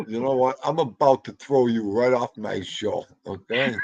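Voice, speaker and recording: Male livestream host, mid-pitched, rambling, crude and jokey. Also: creaky, darkish tone, muffled recording. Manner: rambling, profane, joking banter. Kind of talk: casual livestream chat.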